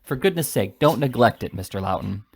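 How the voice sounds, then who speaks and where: A poor, careworn bankrupt, weary and pleading as he begs for word on his case, as a man reading a storybook puts him on. His voice is low and subdued. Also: lively intonation, a little fast, gravelly, a little hiss or hum.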